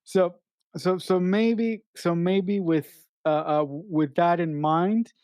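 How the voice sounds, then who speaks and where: A man co-hosting a podcast, talking through a film in a halting way, often repeating words and restarting. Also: high voice, a little mellow, no room sound, studio quality. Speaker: podcast co-host. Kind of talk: casual film review chat.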